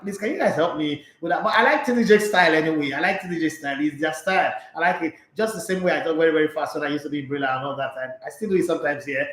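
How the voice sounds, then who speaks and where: A man's voice: on the high side, fairly bright tone. A man with a Nigerian accent hosting a sports show, chatting casually with his live viewers in a playful, jokey, talkative way. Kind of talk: casual live-stream chat reading viewer comments. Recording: echoey room sound.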